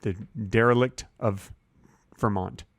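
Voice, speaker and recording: A man in his fifties co-hosting a comedy podcast, playing dumb in a deadpan way with absurd claims. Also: fairly low pitch, slow, no room sound, clean studio sound. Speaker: podcast co-host. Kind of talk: improvised comedy chat.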